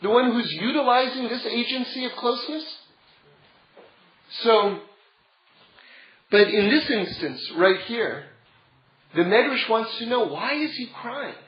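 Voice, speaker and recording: A man's voice: extremely high pitch, animated, measured pace, long pauses. A man teaching a Torah class in a conversational way, building up to emphatic passages. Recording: roomy, dull lo-fi sound.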